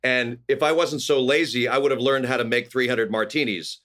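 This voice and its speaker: A middle-aged man from California, a guest actor telling lively anecdotes in an interview and acting out the people he quotes. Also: medium pitch, normal speed. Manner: animated anecdotes with voiced quotes. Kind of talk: storytelling interview.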